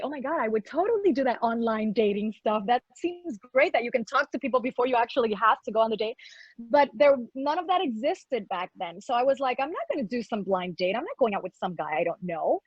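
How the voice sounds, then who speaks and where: Young woman, high husky voice, animated storyteller, slightly dull recording, dry. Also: a little fast, no room sound. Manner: lively, acts out quoted voices, mixes in Spanish words. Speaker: model telling a personal story.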